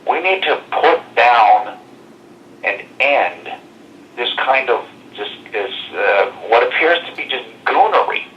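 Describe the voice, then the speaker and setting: A man giving forceful, indignant political commentary in a played clip. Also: mid-range voice, lively intonation, takes it slowly. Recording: dull, distant lo-fi clip with faint noise.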